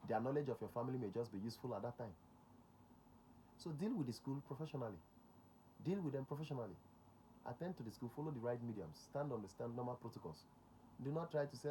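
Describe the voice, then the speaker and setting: A man's voice: medium pitch, lively intonation, fast, long pauses, mellow, a little hiss or hum. A man with a Nigerian accent, a security consultant hosting a talk show. He speaks emphatically, repeats his key points and slips into Pidgin.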